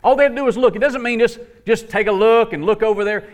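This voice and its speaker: A man's voice: sits high, fast talker, few pauses. A man preaching a sermon to his congregation, emphatic and folksy, repeating lines for effect. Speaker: pastor.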